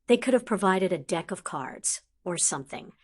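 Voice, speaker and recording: A woman's voice: fairly low pitch, lively intonation, moderate pace, darkish tone, slightly rough. A woman voicing an amiable teenage boy champion with an easygoing, wry manner.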